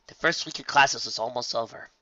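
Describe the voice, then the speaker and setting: A reader narrating a fan story aloud, lively storybook delivery. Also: medium pitch, brisk, highs cut off.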